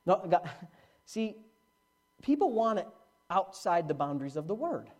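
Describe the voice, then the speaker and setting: A middle-aged male pastor preaching a sermon, with dramatic swings from hushed to loud. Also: a little slow. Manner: animated preaching with dramatic swings in pitch and volume. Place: church, live-streamed.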